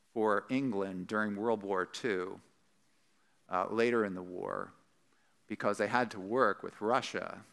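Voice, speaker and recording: A man preaching a sermon, talking through a Bible passage and acting out the quoted voices with a lot of energy. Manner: animated, acts out quoted voices with rising pitch. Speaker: pastor.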